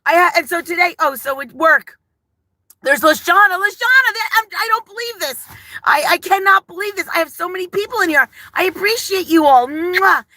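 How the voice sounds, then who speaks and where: A woman's voice: high-pitched, pushed and bright, dry recording, low-quality recording. Chatty, effusive older woman live-streaming. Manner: chatty, effusive, fast rambling talk. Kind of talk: casual live-stream chat.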